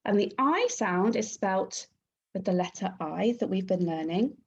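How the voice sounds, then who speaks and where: Woman, primary teacher, phonics lesson, unhurried, sounds out syllables, encouraging, dull lo-fi audio. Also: mid-range voice, expressive. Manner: slow, clear, sounding out letters and syllables; encouraging, praising the class. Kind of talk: phonics lesson for young children.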